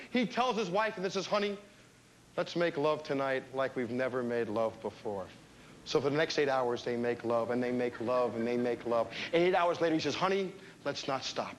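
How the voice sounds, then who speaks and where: Animated New comedian. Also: male voice, a little high, slight background noise. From New Jersey. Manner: animated, playful joke-telling. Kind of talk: stand-up comedy. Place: comedy stage.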